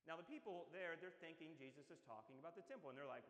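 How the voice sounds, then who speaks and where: A man, a priest giving a measured, explanatory sermon and acting out the quotes he tells. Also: on the high side, lively intonation, a bit bright. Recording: echoey church with long reverb.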